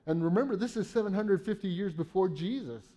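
A man's voice: high voice, fairly quick, warm tone. A man preaching a sermon, reading Bible verses and explaining them in a conversational way, often checking in with "right?". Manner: reads Bible verses aloud, then paraphrases them.

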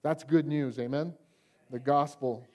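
In a church sanctuary, a male pastor preaches in a slightly high, steady, warm voice at an unhurried pace. He keeps it conversational and often asks the congregation "Amen?"

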